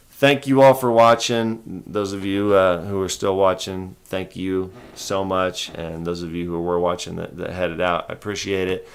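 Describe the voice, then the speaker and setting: A man with a very deep, gravelly voice talks through a trading livestream. His delivery is calm, low-key and rambling, with little lift in his tone. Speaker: host of a stock trading livestream. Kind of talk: casual livestream chat.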